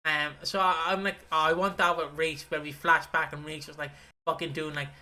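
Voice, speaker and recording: Bright, rambling male podcast co-host. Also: a little high, little pitch movement. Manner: rambling, halting, sweary. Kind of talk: casual chat.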